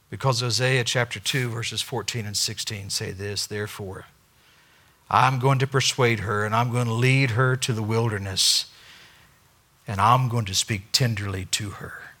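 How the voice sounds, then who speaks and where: A male pastor preaching a sermon, swinging between loud, acted-out dialogue and hushed asides. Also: lowish voice, fairly even intonation, measured pace.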